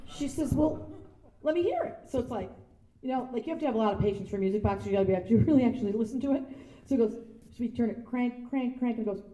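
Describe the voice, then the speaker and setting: A woman telling lively anecdotes as a guest speaker, acting out other people's voices. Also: a little high, very fast, lo-fi sound. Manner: animated storytelling, acting out voices with laughter. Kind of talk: anecdotal speech to an audience. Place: large sound stage before an audience. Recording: echoey room.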